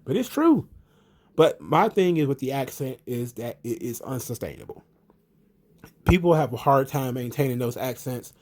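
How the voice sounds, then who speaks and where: A man hosting a casual wrestling commentary, talking in an animated, profane, rambling way with lots of fillers. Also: mid-range voice, moderate pace.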